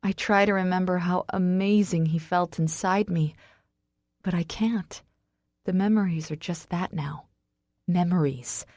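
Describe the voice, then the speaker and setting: A woman narrating a first-person romance audiobook with emotional delivery that rises to shouts in the dialogue. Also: on the low side, unhurried, dry recording, clean studio sound.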